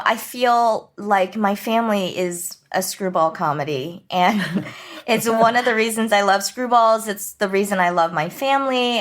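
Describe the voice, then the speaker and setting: Filmmaker guest, woman, mid-pitched voice; animated storyteller, laughs easily. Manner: lively, laughing storyteller who acts out family scenes. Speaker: film director.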